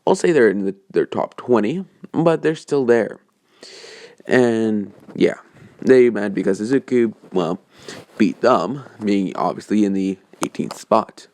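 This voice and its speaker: A man's voice: fairly low pitch, measured pace, a little mellow. A man casually making up a fan story as he goes, rambling and hesitant, full of fillers and self-corrections.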